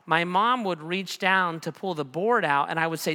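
A man's voice: high voice, moderate pace, sharp tone. A man in his forties preaching a sermon, telling a personal story in a conversational way with self-deprecating humor. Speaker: pastor. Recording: long hall reverb.

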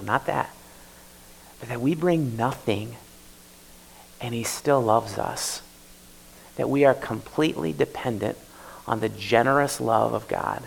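This mid-pitched male pastor has a gravelly, creaky voice and a loose, conversational sermon style at a church service, frequently shifting into first-person prayer to make his points. He speaks unhurriedly with long pauses, and the recording quality is low.

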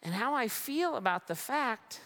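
A pastor preaching a sermon in a conversational way, with humor and frequent restarts. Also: male voice, extremely high pitch, expressive, a little slow, sharp tone.

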